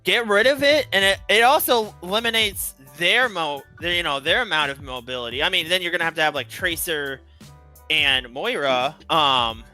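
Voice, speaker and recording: A male esports caster who breaks down the match analytically and leans on fillers between quick bursts of speech. His voice sits a little high with a very bright, sharp edge. Faint music runs behind him. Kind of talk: live esports commentary.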